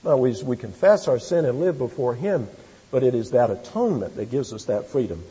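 A man preaching a sermon as pastor, with animated emphasis and quick asides. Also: mid-range voice, slightly rough. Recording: dull, lo-fi sound with long hall reverb.

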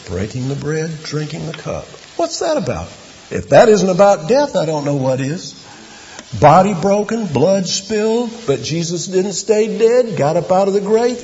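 A man preaching a sermon, telling a Bible story in an animated way with rhetorical questions. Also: a little high. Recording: dull lo-fi with long hall reverb and faint hiss.

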